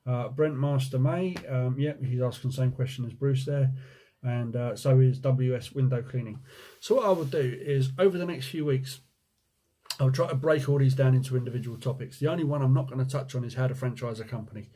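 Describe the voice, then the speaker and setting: A middle-aged man from Jersey speaks with a mixed island accent, his voice mellow and a little husky. He chats casually through viewer questions, cracking dry jokes and humming to himself between them. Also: mid-range voice, fairly quick. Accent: Jersey, mixed with time in the USA. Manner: chatty and joking, reads questions aloud, hums while scrolling. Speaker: window cleaning business owner answering viewer questions. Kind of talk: casual Q&A vlog.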